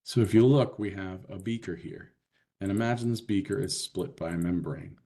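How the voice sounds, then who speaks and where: Low-voiced man lecturing on biology. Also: moderate pace, warm tone. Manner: casual, conversational explaining with frequent fillers. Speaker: biology instructor. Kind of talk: classroom lecture.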